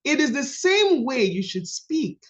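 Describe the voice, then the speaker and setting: Woman, Nigerian accent, thirties, lively coaching talk, storytelling, slightly muffled call audio. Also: sits high, measured pace. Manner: animated, storytelling, emphatic. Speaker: coach leading a book study call. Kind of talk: casual teaching talk.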